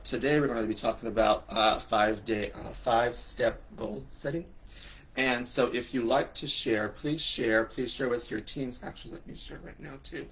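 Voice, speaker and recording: A man's voice: medium pitch, fairly bright tone. A middle-aged man hosting a casual livestream, joking and campy, greeting viewers by name with big upward swoops in his voice. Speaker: livestream host and coach.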